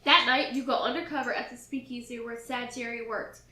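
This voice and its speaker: A woman's voice: a little high, steady tone, a little fast, sharp tone. A woman co-hosting a podcast, casually reading a murder mystery aloud with blunt, joking asides. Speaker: podcast co-host. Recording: roomy echo.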